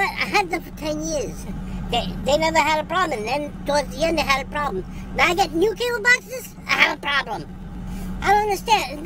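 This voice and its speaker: Older man ranting in a car. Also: very high-pitched. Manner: grumbling, exasperated complaining. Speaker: vlog co-host. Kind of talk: ranting comedic vlog. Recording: car and traffic noise behind.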